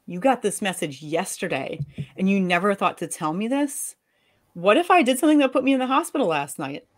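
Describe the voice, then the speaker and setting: A woman's voice: medium pitch, expressive, brisk, natural voice. A woman in a live reading, voicing an angry, sarcastic wife and mother scolding her husband. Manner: sharp, sarcastic.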